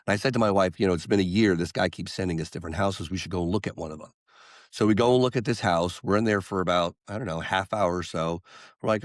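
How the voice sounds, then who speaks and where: A man, a singer-songwriter guest on an interview podcast, telling a story and acting out the quotes with lively jumps in voice. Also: lowish voice, fast, no room sound, studio quality.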